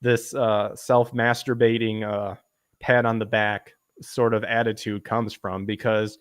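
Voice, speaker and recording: A man's voice: little pitch movement, measured pace, clean tone, no echo. Ranting man on a dry podcast mic. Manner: profane, ranting, pitch jumps when worked up. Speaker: podcast host. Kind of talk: casual podcast chat.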